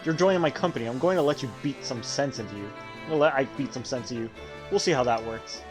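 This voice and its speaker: A man's voice: medium pitch, quick pace, music in the background, natural voice. A man reading the lines of an angry young woman knight who scolds and name-calls her runaway brother. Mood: bossy. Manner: sharp scolding, name-calling.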